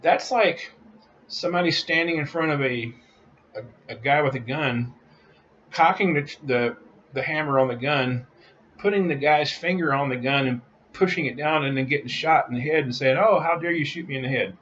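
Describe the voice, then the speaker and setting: A man's voice: a little high, normal speed, fairly bright tone, dull audio, slight background noise. A man delivering a heated, repetitive opinion rant as a vlogger.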